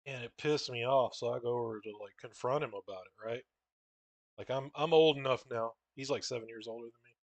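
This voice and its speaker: A man's voice: medium pitch, fairly even intonation, brisk, pauses often, dry recording. Profane rambling guy, dry sound. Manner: rambling, profane, says "bro" and "dude" a lot. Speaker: comic artist drawing on stream. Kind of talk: casual storytelling while drawing.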